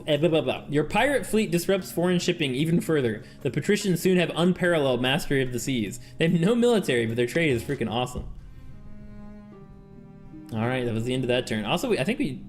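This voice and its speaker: Excitable male streamer playing a game. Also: mid-range voice. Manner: excitable, laughing, reads game text aloud.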